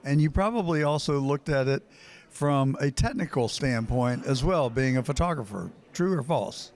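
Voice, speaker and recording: A man's voice: mid-range voice, lively intonation, normal speed. A man hosting and interviewing on location at a hotel conference, asking leading questions in a presenter's manner. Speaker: host and interviewer.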